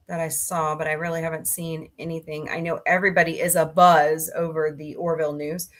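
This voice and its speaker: A woman's voice: fairly low pitch, fairly bright tone. A woman hosting a casual livestream, chatting in a goofy, easygoing way as she greets viewers in the chat. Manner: chatty, goofy, laughs easily. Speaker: livestream host. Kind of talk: casual chat reading live comments. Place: home, cats nearby.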